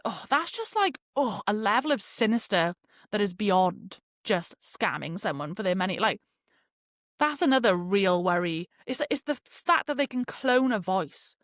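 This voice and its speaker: A young woman talks through her podcast in a loose, chatty way, leaning on fillers and quick asides. Her voice sits at an ordinary middle pitch. The sound is dry and close, with no room around it. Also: dry recording. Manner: chatty, animated, many fillers like "like". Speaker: podcast host. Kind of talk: casual solo podcast talk.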